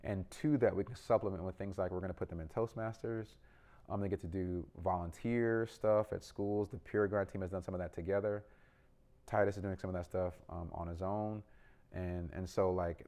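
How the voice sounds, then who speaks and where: A man's voice: low voice, fairly even intonation, fairly quick, dark tone. A middle-aged man, a parent and youth basketball coach, giving an earnest, rambling update with lots of ums and restarts. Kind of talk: casual vlog update.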